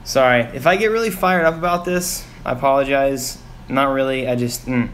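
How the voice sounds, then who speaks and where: A young man talks loosely to his live-stream viewers, pausing with ums and heavy sighs as his frustration builds. His voice sits at an ordinary middle pitch. A faint background hiss sits under the recording. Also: fairly bright tone. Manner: frustrated, sighing, rambling with fillers. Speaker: vlogger. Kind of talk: casual live stream rant. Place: home garage.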